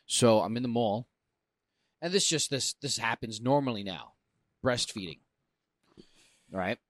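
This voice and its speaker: A man's voice: mid-range voice, measured pace, no echo. A man co-hosting a podcast, telling stories in casual chat. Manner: animated storyteller. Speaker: podcast co-host.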